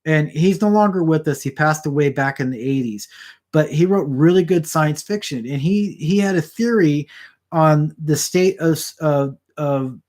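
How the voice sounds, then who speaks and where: Addressing a camera roughly four feet off, a Southern Californian man speaks at normal speed in a voice on the high side and a little mellow. His casual talk wanders, with lots of restarted sentences and stammered repetitions.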